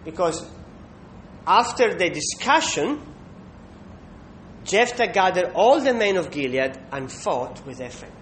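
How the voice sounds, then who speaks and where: A man preaching a sermon, emphatic, pausing to check in with listeners with a questioning "hmm". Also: very animated, fairly bright tone. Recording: echoey room with faint rumble.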